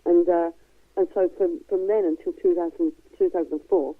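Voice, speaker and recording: A middle-aged woman with a softened East London accent talks in a frank, chatty way, laughing easily. She comes through a tinny phone-like line. The sound is dry, with no room around it. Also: fairly low pitch, fairly even intonation, normal speed, no room sound. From East London, England. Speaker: guest. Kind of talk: casual chat.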